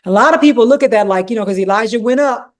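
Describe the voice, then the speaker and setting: A woman leading a conversational Bible study, animated and acting out the dialogue, with frequent "you know" asides. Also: a little high, fast.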